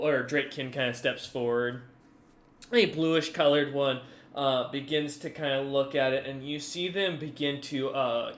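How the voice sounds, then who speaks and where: Guy running a tabletop game, bright voice, kinda rambly, echoey room. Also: mid-range voice. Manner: rambling, many fillers and restarts. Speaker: game master.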